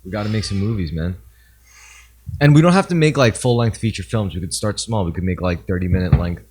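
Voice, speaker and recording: Joking young man, slightly low voice. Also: lively intonation, fairly quick, a little mellow, husky. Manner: joking, laughs often, trails off mid-sentence. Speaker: podcast co-host. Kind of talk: casual chat.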